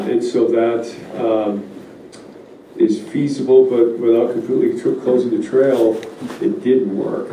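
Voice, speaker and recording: A wolf biologist speaking plainly at a public meeting, answering questions in a loose, halting way with many fillers. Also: male voice, fairly low pitch, warm tone. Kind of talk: public talk and Q&A. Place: meeting room. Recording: echoey hall from far off, faint noise.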